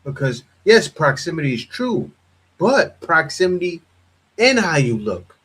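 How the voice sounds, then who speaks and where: A man's voice: fairly high pitch, very animated, measured pace, fairly bright tone, slightly rough. A man hosting a casual reaction commentary, talking bluntly and animatedly, often repeating himself. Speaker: commentary host.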